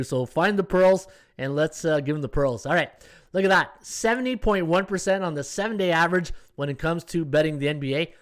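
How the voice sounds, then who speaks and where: A man's voice: fairly high pitch, brisk. A man in his fifties hosting a sports betting podcast, talking casually and often tagging his points with "right?". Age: 50s. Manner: chatty, tags lines with "right?". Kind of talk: casual live-stream commentary.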